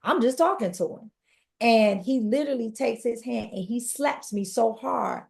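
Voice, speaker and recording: A woman's voice: a little high, animated, moderate pace, gravelly. A woman guest on a podcast, earnestly telling her own life story and speaking straight to the listeners. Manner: earnest, addresses listeners directly. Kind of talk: personal testimony storytelling.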